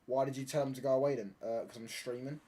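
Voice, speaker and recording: A young man with a mid-range voice, chatting live from his room during a football watchalong. He answers viewers' jabs with quick banter and plays up being hard done by. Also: mid-range voice, fairly even intonation, dark tone. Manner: bantering, reads out and answers viewer chat, mock-indignant. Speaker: streamer. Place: home room.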